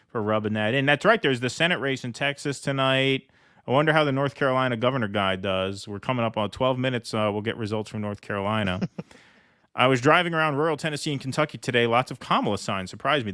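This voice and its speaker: A man's voice: mid-range voice, fairly bright tone, no room sound, studio quality. A man hosting a live political stream, chatting casually, joking, and reading viewer comments aloud.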